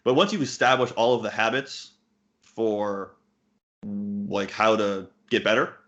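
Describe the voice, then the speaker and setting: A man in his thirties who coaches poker responds to interview questions bluntly, cursing casually amid many fillers and restarts. His low-leaning, slightly bright voice moves a little slowly, and the audio is muffled and lo-fi.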